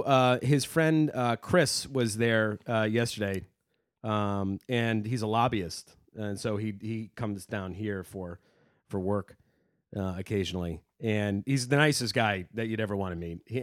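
A man's voice: lowish voice, a little slow, no room sound, studio quality. A man co-hosting a podcast in casual chat, rambling and hesitant, full of fillers. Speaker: podcast co-host.

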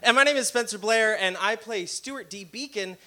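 A man's voice: sits high, moderate pace, pushed and bright. A man playing a tabletop game, joking in a laid-back, casual way. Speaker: player.

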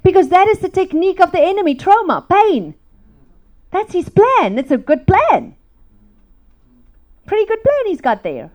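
A woman's voice: very high-pitched, big pitch swings, normal speed, long pauses, a little mellow. A middle-aged woman, preaching a sermon through emotional personal stories.

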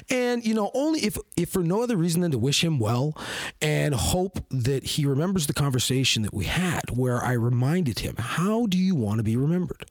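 Male podcast host, fairly high voice, dry close sound, rants loosely with lots of fillers. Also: no room sound. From Canada. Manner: rambling and heated, heavy with fillers. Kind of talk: opinionated monologue.

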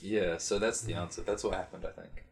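Low-voiced man joking on a podcast. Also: fairly even intonation, fairly quick, vocal fry, slight background noise. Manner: laughing, joking, swearing freely. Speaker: podcast host. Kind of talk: casual chat.

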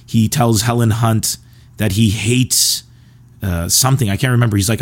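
A comedian from Lebanon telling rambling, animated stories about his school days. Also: fairly low pitch, vocal fry. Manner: rambling and animated, with quick asides. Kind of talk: casual storytelling.

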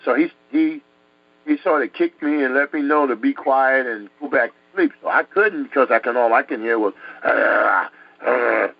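Telling his testimony as a guest, a New York man recounts a dramatic personal story with emphasis and repeated words for effect. He has a mid-range voice and talks a little fast, in a dull, dry recording with no room sound.

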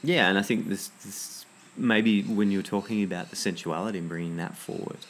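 Woman, very deep voice, supportive podcast co-host, casual chat. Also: brisk, slight background noise. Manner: supportive, affirming listener, frequent murmurs.

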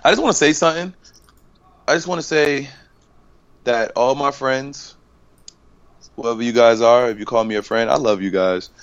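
A man's voice: medium pitch, moderate pace, long pauses. Joking young man, slightly muffled sound. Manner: joking, rambling, slangy banter. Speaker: podcast co-host. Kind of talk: casual chat.

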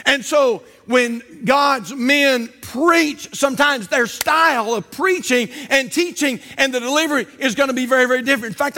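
A male pastor preaching a fiery sermon in a church, swinging between shouted warnings and hushed asides. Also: extremely high pitch. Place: church auditorium.

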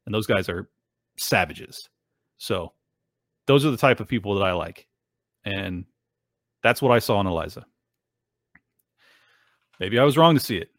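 A man's voice: fairly low pitch, expressive, a little slow, pauses often, no echo, clean studio sound. A man hosting his own show, talking earnestly and emotionally to his viewers in a rambling way, with many fillers. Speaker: show host. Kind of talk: casual monologue to viewers.

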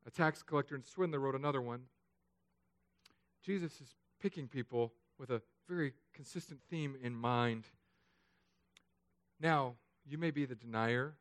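A man preaching a sermon, telling stories with jokes and playful asides that turn hushed and solemn. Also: a little high. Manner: animated, joking storytelling with hushed, solemn turns. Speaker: pastor.

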